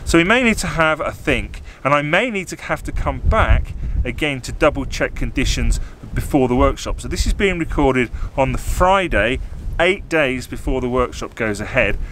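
A man's voice: medium pitch, expressive, normal speed, a bit bright. A man, a landscape photographer talking to camera outdoors on snowy, windy hills through a small camera mic. He is chatty and self-deprecating, with light jokes. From southern England. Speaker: landscape photographer and workshop host. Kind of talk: outdoor vlog commentary to camera. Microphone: small on-camera microphone. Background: wind.

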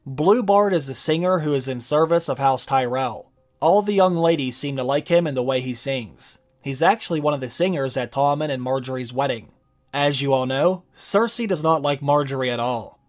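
A man narrating a video essay and reading a book passage aloud, measured and explanatory. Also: fairly high pitch.

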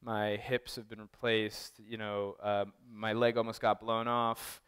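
Brief: male photographer, loose anecdotal talk, smooth clear voice, lots of "like"s. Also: fairly low pitch, flat delivery, unhurried, fairly bright tone. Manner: rambling storyteller, many "like"s and restarts. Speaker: photographer giving an artist talk. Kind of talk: casual anecdotal presentation. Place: art gallery talk.

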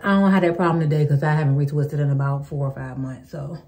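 A woman's voice: deep voice, steady tone, fast, a little mellow. Chatty woman vlogger in an echoey room. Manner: chatty, addresses viewers as y'all, many ums. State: out of breath. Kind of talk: casual hair-care tutorial vlog. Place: home, indoors.

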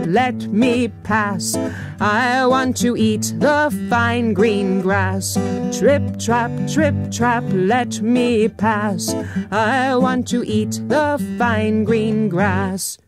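Storybook: a woman playing a bold horned billy goat, firm and commanding, pitched up. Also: extremely slow, loud music behind the voice. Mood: sing-song. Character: biggest male billy goat with horns, bold.

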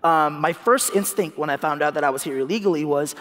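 A man from the Philippines in his thirties, talking in an onstage interview, animated, laughing often and repeating words as he restarts. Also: fairly high pitch, quick pace. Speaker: guest speaker. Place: large hall on stage. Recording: hall reverb.

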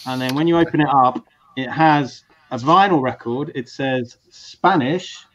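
Chatty male host, casual video-call chat, restarts, mid pitch, dull lo-fi sound. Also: a little slow, a bit bright. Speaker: talk show host. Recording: dull lo-fi stream audio.

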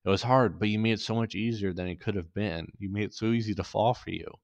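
A man voicing a caring, gently firm young woman as he reads a story aloud in a soft, earnest way. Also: fairly low pitch, fairly even intonation, quick pace, no echo, lightly acted. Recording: dull dry lo-fi recording.

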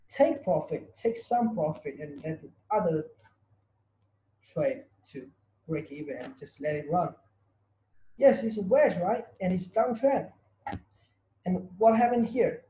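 Man teaching trading webinar, high pitch, mellow tone, keeps asking questions, echoey room. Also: a little hiss or hum. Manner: repetitive, rhetorical questions to students. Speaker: trading tutor. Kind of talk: online webinar lesson. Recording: roomy echo.

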